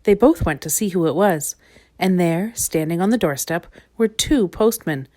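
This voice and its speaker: Speaking at a normal speed in a fairly low voice, a woman gives a gentle, expressive reading of a children's storybook.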